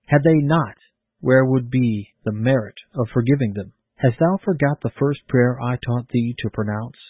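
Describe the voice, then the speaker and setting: A man's voice: medium pitch, moderate pace, husky, no room sound, lightly acted. A man reading the lines of a grieving, devout older mother who pleads in old-fashioned, solemn speech. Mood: pleading. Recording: tinny phone-like lo-fi sound.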